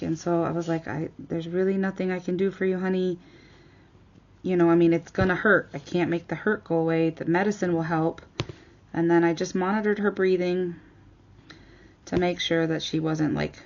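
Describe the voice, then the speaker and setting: A woman vlogger chatting casually as she crafts, retelling a story with lively quoted dialogue. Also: fairly low pitch, gravelly, lo-fi sound.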